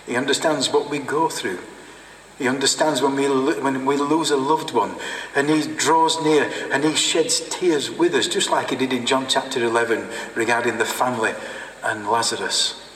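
A man giving a sermon in a halting way, with many fillers and repeated words. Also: mid-range voice, steady tone, fairly bright tone, slight background noise. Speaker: preacher. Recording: echoey hall from far off.

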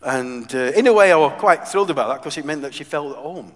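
Guy preaching, gets loud then goes real quiet and earnest, long hall echo. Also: a little high, animated, fast. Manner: swings from loud emphasis to hushed, earnest asides. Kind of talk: sermon.

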